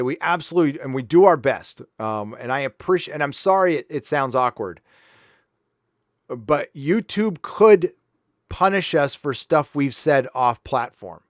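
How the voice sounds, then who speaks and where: A man's voice: fairly high pitch, dry recording, studio quality. Sarcastic man hosting a livestream. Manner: sarcastic, mock-earnest. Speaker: host reading viewer donations. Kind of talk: casual livestream chat.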